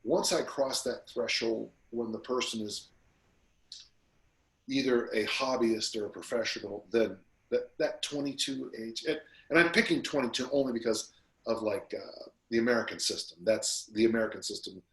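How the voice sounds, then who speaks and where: Animated storytelling man in a roomy space. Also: medium pitch, normal speed. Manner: animated storyteller who acts out quotes. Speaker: podcast guest, strength coach. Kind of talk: casual interview storytelling. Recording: roomy echo.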